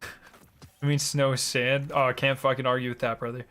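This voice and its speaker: A young man streams a game and talks casually with his viewers at a normal speed, his mid-range voice level, clean and a touch bright. He jokes, swears and laughs frequently.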